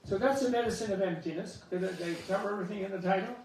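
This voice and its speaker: A man with a raspy, gravelly voice pitched a little high gives a Buddhist talk, telling animated stories with chuckling asides. He sounds distant from the mic. A long, booming hall echo surrounds every word. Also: rapid-fire, a little hiss or hum. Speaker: Buddhist scholar giving a talk. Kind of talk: dharma talk with anecdotes. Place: temple hall.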